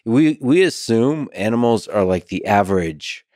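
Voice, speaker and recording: A man hosting a podcast, asking thoughtful, measured questions in a casual interview. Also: fairly low pitch, lively intonation, darkish tone, no echo, clean studio sound. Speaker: podcast host.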